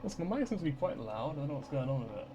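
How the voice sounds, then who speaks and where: A man in his twenties, streaming and ranting in casual chat: animated, exasperated, swearing freely. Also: fairly high pitch, rapid-fire, music in the background. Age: 20s.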